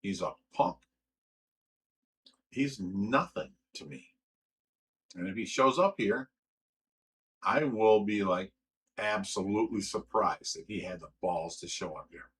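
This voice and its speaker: A man's voice: lowish voice, takes it slowly, long pauses, fairly bright tone, poor audio. A man hosting a casual livestream, reading out viewer comments and trash-talking in a brash, boastful way.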